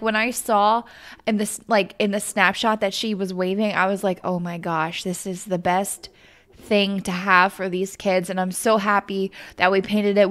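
A young woman casually commenting on a life-simulation game, chatty and emotional, talking to her characters and viewers. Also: medium pitch. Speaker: gaming video host. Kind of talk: casual let's-play commentary.

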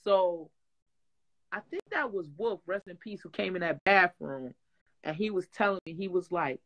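A woman from Detroit telling stories in a casual interview, animated and profane, loudly acting out what people said. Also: mid-range voice, a little fast, low-quality recording. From Detroit, USA. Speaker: guest.

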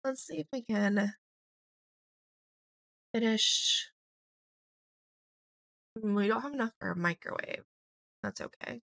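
Young gamer girl, kinda hoarse, rambly let's play chatter w lots of "like", dry sound. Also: mid-range voice, slow pace, long pauses, a bit bright, no room sound. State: slightly hoarse. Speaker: gaming YouTuber.

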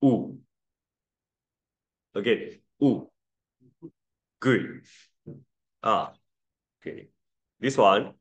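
A man with a lowish voice teaches English pronunciation to a class, drawing out his words and leaving long pauses, though the recording is muffled. He patiently drills vowel sounds and calls on students during the lesson.

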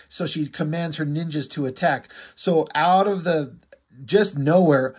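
A man casually walks through a comic book's story, his voice a little husky and pitched somewhat high. He rambles in a loose, conversational way, summarizing what the characters say as he goes. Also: unhurried, a little mellow. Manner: laid-back, rambling, paraphrases characters in a loose voice. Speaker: comic book reviewer.

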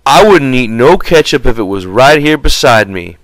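A man's voice: medium pitch, very animated, moderate pace, a bit bright, dry recording, pitched above the performer's own voice, low-quality recording. A man voicing a big, simple-minded, childlike man who pleads and tries to please. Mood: pleading.

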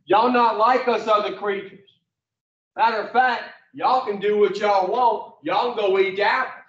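A man's voice: high voice, measured pace, fairly bright tone. A man voicing a sly little snake who coaxes in a folksy drawl. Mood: coaxing. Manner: coaxing, folksy. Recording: distant, roomy, muffled.

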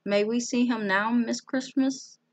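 A woman's voice: on the high side, fairly even intonation, a little slow, no room sound, pitched above the performer's own voice. Woman playing a politely cheerful father.

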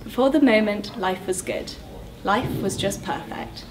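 A woman's voice: measured pace, far from the mic, slight background noise. A woman on school staff reading a children's fable aloud, lifting her voice for the characters. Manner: voices characters with lively pitch jumps. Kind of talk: storybook read-aloud.

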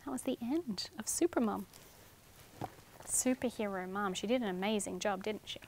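A woman and children's librarian reading picture books and leading rhymes in an animated, sing-song, clear way. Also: medium pitch, moderate pace, background noise.

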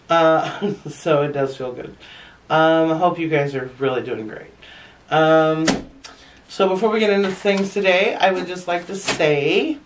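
A woman's voice: low-pitched, recorded from a distance, a little hiss or hum. Chatty, laughing woman vlogger. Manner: chatty and frank, laughing often, with blunt swearing. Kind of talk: casual storytelling to camera.

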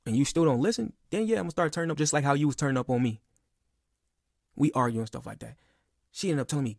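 A man's voice: a little high, big pitch swings, quick pace, vocal fry, a little mellow, dry recording, clean studio sound. A man in his twenties venting in a casual, emphatic, profane monologue that keeps circling back on itself. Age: 20s. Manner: emphatic, profane, repeats himself. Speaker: podcast guest.

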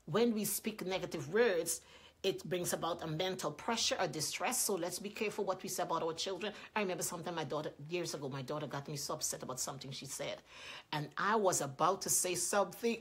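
Woman, husky voice, preaching, earnest storytelling, sudden loud bursts. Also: lowish voice. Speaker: minister. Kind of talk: sermon.

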